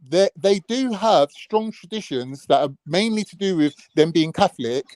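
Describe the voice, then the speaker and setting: A man holds the floor in a heated panel argument. He talks over people and pushes his point hard. His voice sits a bit high and sounds dry and close, with no room around it. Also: animated, moderate pace, darkish tone, dry recording. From Cypriot family in London. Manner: insistent, talks over others, acts out quotes.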